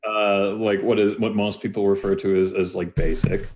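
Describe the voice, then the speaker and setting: A man narrating as game master of a tabletop game, halting, with many fillers and restarts. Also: fairly low pitch, little pitch movement, darkish tone, slight background noise.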